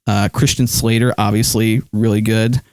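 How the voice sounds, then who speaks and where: A man's voice: fairly low pitch, little pitch movement, moderate pace, no room sound. A man streaming live, chatting casually about movies and answering chat with lots of ums and uhs. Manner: rambling, many fillers, reads chat aloud.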